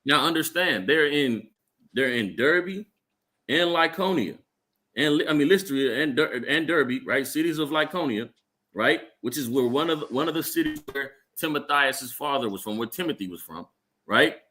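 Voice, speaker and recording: A man's voice: fairly high pitch, expressive, moderate pace, bright, forceful tone. A man leading a Bible class, explaining scripture and checking in with "right?" as he goes, often stumbling over repeated words. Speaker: Bible teacher. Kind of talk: street-style Bible class teaching. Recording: live stream.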